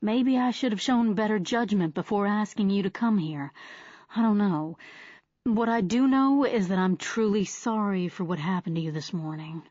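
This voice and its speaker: A man's voice: high voice, dry recording, lo-fi sound, lightly acted. A woman doing a drawling old Southern profiler. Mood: regretful. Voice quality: soft drawl. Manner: frank, measured lecturing. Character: older male FBI profiler, cane-bound, blunt.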